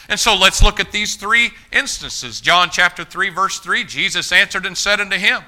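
A man's voice: high-pitched, lively intonation, moderate pace, few pauses, poor audio. Fiery preacher man in his fifties. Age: 50s. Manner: fiery, repetitive emphatic preaching with rising shouts. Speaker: pastor. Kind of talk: sermon. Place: church sanctuary.

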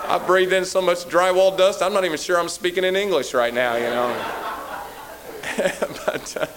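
A male pastor with a high-pitched voice preaches to his congregation at a moderate pace against a noisy background. He sounds weary, hammers points home by repeating phrases, and carries a teasing, sarcastic edge.

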